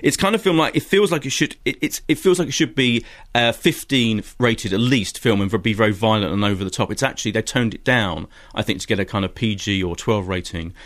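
A man talks through the week's films as a radio critic, quick and opinionated. His words tumble out fast, and he often restarts a sentence before landing it. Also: lowish voice, fairly bright tone. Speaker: film critic. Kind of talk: radio chart review chat.

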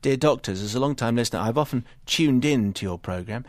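A man presenting a radio programme, reading out listener emails in a dry, unhurried manner. The studio sound is close and dead, with no room around the voice. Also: medium pitch, lively intonation, no echo.

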